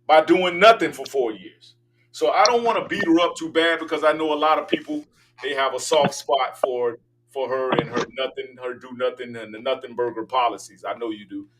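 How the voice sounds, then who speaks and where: A man's voice: mid-range voice, brisk, far from the mic, background noise. An older man hosting a political talk show, delivering an emphatic, preachy opinion monologue.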